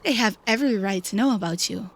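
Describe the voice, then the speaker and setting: A woman voicing a gentle, polite young woman teacher who speaks softly and courteously, reading game dialogue. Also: mid-range voice, quick pace, slight background noise, voice pushed down, close to an everyday voice. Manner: soft, courteous, apologetic.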